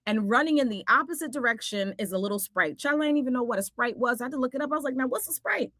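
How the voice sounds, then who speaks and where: A woman's voice: on the high side, racing, bright, forceful tone, no room sound, clean studio sound. Sassy woman recapping cartoons. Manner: sassy, exclamatory, playful asides. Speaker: host. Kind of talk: casual cartoon recap vlog.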